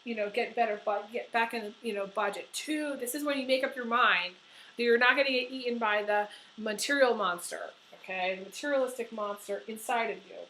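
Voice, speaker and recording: A woman's voice: on the high side, a little fast, bright, forceful tone, slight background noise, poor audio. Earnest emotional woman tarot reader. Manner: earnest and emotional, many fillers and restarts. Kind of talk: tarot horoscope reading to camera.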